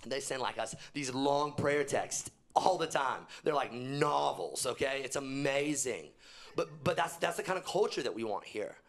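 This is a young pastor giving an animated sermon to his church in its auditorium. For emphasis he regularly goes high and loud; for quotes he sinks into a low, quiet voice.

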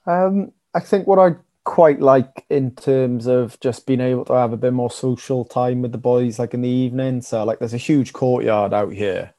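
A man's voice: mid-range voice, fairly even intonation, moderate pace, few pauses, warm tone, no echo, studio quality. A man from Wales chatting casually as a rugby guest, rambling with lots of fillers and restarts. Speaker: rugby sevens player, podcast guest. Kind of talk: casual chat, storytelling.

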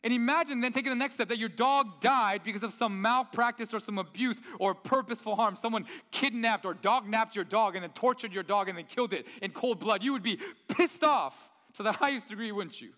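High bright-voiced male preacher. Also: brisk, few pauses, long reverb tail. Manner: conversational, asks the audience rhetorical questions. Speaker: pastor. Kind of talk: sermon.

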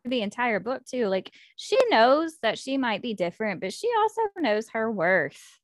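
A woman's voice: on the high side, big pitch swings, normal speed. A woman co-hosting a casual book discussion, retelling scenes with emotional, gushing enthusiasm. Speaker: book podcast co-host.

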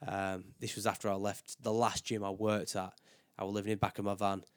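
A young man speaks in a lowish voice as a podcast guest. He chats candidly and swears freely, often breaking off mid-thought to restart. The sound is dry and close, with no room around it. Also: level tone, a little fast, clear, resonant tone, no echo. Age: young adult. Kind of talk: casual chat.

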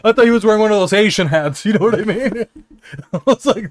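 A man's voice: high voice, expressive, fast talker, no echo, clean studio sound. A man co-hosting a podcast in casual banter, telling rambling, profane stories with lots of laughing. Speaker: podcast co-host.

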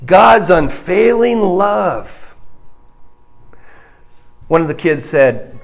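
A man preaching a sermon slowly and emphatically, dropping to a hushed voice on key points. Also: high-pitched, creaky.

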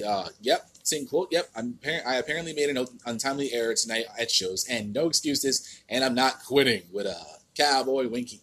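Exasperated, profane American podcast host. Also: male voice, mid-range voice, bright, forceful tone, slightly rough. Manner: exasperated, profane, rants with many restarts. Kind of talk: casual ranting commentary.

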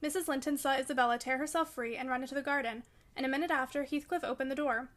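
A woman narrating a classic novel in an audiobook, in a measured, expressive storytelling manner. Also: high voice.

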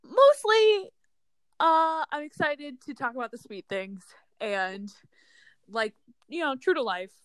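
A woman's voice: fairly high pitch, lively intonation, measured pace, a bit bright, smooth, no room sound. A woman hosting a casual podcast chat, telling a story in a chatty, giggly way with many fillers. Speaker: podcast host.

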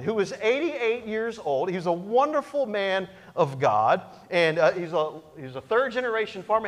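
A man preaching as a pastor, telling a self-mocking story in an animated way. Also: a little high, long reverb tail. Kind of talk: sermon storytelling.

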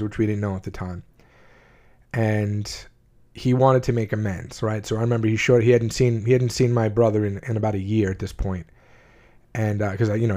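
A man's voice: lowish voice, dark tone. A man in his forties casually telling a personal story, rambling with lots of "you know" and "like" and frequent restarts.

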